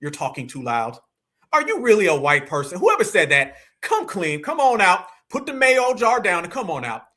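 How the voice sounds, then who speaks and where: A middle-aged man, hosting an online show with loud, energetic, slang-filled commentary. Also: high-pitched, moderate pace, hardly any pauses. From United States. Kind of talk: animated livestream commentary.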